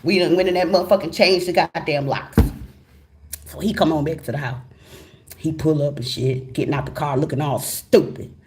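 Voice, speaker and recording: Animated, profane woman telling a story. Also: sits low, moderate pace, a little hiss or hum. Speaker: tarot channel host. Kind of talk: storytime monologue.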